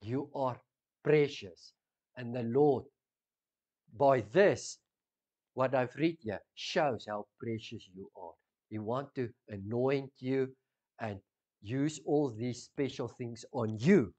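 A man with a South African accent preaching a sermon, swinging from loud emphasis down to hushed intensity. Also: medium pitch, slow, lo-fi sound. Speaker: pastor.

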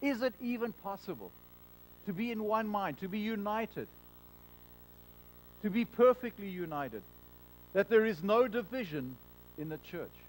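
A man preaching a sermon as pastor, earnest, stumbling over repeated words as he stresses a point, and dropping to a soft hush on solemn lines. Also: high voice, lively intonation, a little slow, long pauses, poor audio.

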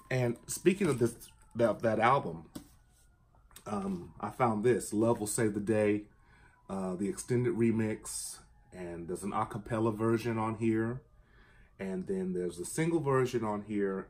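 A man chatting casually and enthusiastically about his record collection, at times singing along in a high falsetto. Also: a little slow, darkish tone, breathy edge. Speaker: vinyl collector vlogger. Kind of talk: casual chat.

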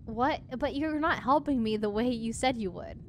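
A woman's voice: fairly high pitch, normal speed, a little hiss or hum. A woman streamer in a comic role-play phone call who teases and reacts in a giggly, exaggerated way.

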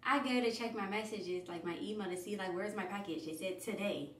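Here a woman with a mid-range voice talks briskly in a casual vlog, chatty and rambling as she recounts her week in animated, lilting stories. She's out of breath, and the distant, off-mic recording carries room echo and faint hiss.

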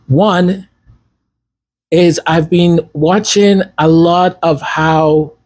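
Slow husky-voiced man, earnest. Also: on the high side, steady tone, a little mellow, poor audio. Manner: earnest and heartfelt, searching for words with frequent restarts. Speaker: royal commentary channel host. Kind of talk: casual spoken commentary.

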